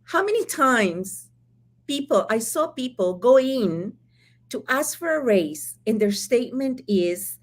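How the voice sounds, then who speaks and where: A woman's voice: fairly high pitch, takes it slowly. A woman with a Spanish accent, co-hosting a casual mentoring discussion, often laughing as she tells stories. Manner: laughs often, animated storytelling. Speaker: mentor and co-host.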